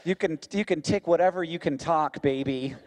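An American man from Florida co-hosting a live podcast, animated and quick to laugh, with mock exasperation. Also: a little high. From Florida, United States. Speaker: podcast co-host. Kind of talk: live podcast chat before an audience.

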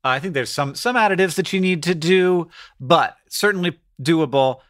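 Bright rambling man on a podcast. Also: on the high side, normal speed. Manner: rambling, thinks out loud with many restarts. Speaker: podcast co-host. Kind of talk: casual podcast chat.

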